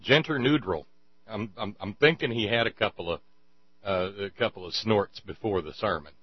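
A man's voice: on the low side, moderate pace, husky, no room sound, highs cut off. A man giving sarcastic, rambling commentary on sermon clips, stumbling over restarts as he mocks them. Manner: mocking, rambling, stuttering restarts.

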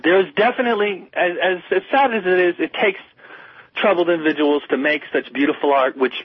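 High, husky-voiced man rambling on radio. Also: fairly quick, no room sound. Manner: rambling, restarts often, emphatic. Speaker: radio co-host. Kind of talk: casual music chat. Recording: slightly muffled radio broadcast.

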